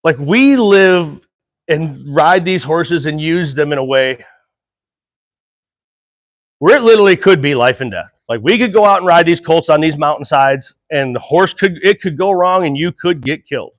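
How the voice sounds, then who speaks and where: Earnest middle-aged man trainer, fairly high voice. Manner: earnest and animated, laughs between thoughts, slows to calm exhales. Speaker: horse trainer. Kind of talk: casual horse-training demonstration.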